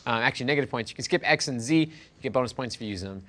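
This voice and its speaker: A man hosting an improv comedy show, loose and quick to laugh, reading an ad and game rules. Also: medium pitch, fairly bright tone. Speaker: host.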